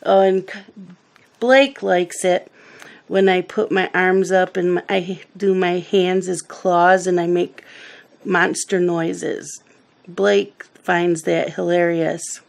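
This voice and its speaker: A woman's voice: lowish voice, fairly even intonation, takes it slowly, vocal fry. A middle-aged woman hosting a coloring video, chatting casually and telling rambling family stories while she works. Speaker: coloring channel host.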